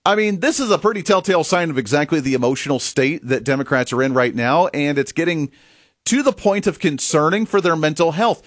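Animated male political commentary host. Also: fairly high pitch, a little fast, no echo, clean studio sound. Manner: animated, mocking, laughs often. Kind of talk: opinion commentary.

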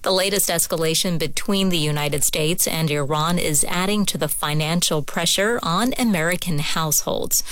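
A woman reads the news in a measured, formal manner. Her voice sits low, and the close studio mic leaves the sound dry, with no room around it. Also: fairly bright tone, no echo. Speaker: newscaster. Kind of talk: scripted news reading.

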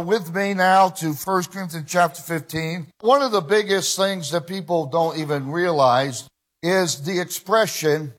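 A male pastor preaching live in church, his voice sitting a bit high. He builds from measured teaching to loud exclamations and keeps asking for amens from the congregation. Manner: preachy, rising to exclamations, calls of amen. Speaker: pastor and radio host. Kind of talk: live sermon.

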